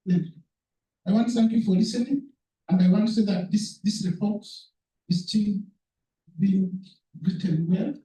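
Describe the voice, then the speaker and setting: A man giving a conference presentation, talking in a halting, earnest way and repeating words as he goes. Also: high voice, steady tone, dark tone. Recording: echoey room, speaker far from mic.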